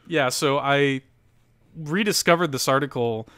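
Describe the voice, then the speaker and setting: A man's voice: mid-range voice, unhurried, fairly bright tone, clean tone, no echo. A man hosting a casual podcast, reading an article aloud with lots of laughter and loose, profane storytelling. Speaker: podcast host.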